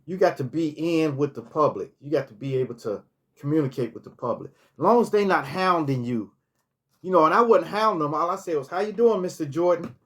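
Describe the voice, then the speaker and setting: Here a middle-aged man tells stories on his vlog in a brisk, animated way, his voice on the high side and a bit bright. It's a rambling, casual storytime monologue with restarted words and plenty of "you know" fillers as he recalls events.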